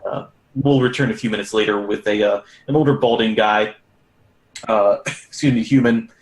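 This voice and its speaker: Male game master, low voice, laid-back, lots of uhs, echoey room. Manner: relaxed, hesitant with fillers. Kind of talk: narrating a tabletop game. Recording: roomy echo.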